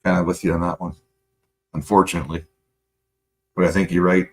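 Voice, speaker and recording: A man's voice: sits low, little pitch movement, a little fast. A Canadian man talking casually and heatedly on a livestream, rambling with lots of swearing and fillers while answering chat. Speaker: livestream host.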